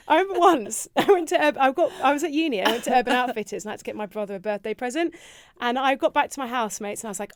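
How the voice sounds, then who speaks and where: A young woman with a very high voice tells comic stories as a podcast guest and laughs often. Her delivery is animated, and she was recorded close up in a dry studio with no room sound. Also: rapid-fire, no echo. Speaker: comedian guest. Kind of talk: podcast interview chat.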